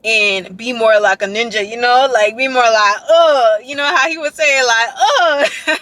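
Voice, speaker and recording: A young woman telling a rambling, excited story to her camera in a casual vlog. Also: moderate pace, dry recording. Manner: excited, rambling, quotes others in a lowered voice. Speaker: dance vlogger. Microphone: handheld camera.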